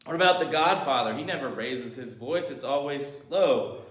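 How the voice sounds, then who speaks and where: A man's voice: mid-range voice, animated, moderate pace, fairly bright tone. A male pastor preaching a sermon in a church, telling stories and acting out movie scenes as he goes. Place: church sanctuary. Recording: echoey church room.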